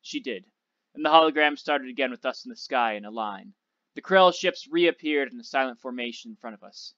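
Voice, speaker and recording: A male teacher reads a novel aloud for his class in a steady, measured voice. His pitch sits in an ordinary middle range. The recording sounds muffled and dry, with no room echo.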